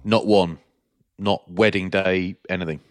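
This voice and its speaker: Middle-aged male co-host, lowish voice, lively storyteller, dry recording. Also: a little slow, no echo. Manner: chatty storyteller, animated anecdotes. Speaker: podcast co-host. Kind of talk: casual chat.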